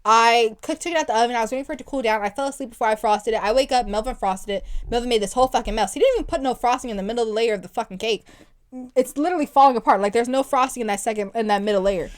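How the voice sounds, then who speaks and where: A young woman tells a story with a fair bit of swearing, her voice pitched a touch above most women's. She rants with animated energy in a casual podcast chat. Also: rapid-fire. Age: young adult. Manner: animated, profane ranting storyteller. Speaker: podcast co-host.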